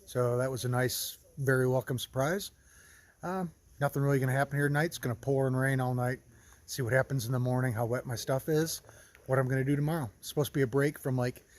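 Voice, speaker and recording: A man hiking a long trail, talking casually and warmly to his camera outdoors, upbeat and easily moved. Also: medium pitch. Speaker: long-distance hiker vlogger.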